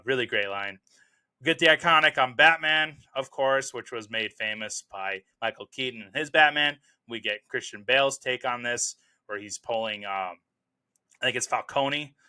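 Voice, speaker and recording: A young adult man hosting a casual film review, talking in a relaxed, rambling way with many fillers. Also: medium pitch, smooth.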